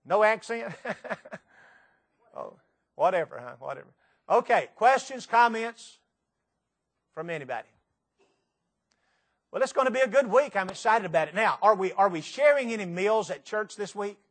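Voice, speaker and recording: A man with a Tennessee accent delivers a sermon from the pulpit. His voice sits high for a man, and he speaks with animated energy, throwing rhetorical questions at the congregation. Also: normal speed, long pauses. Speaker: preacher. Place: church.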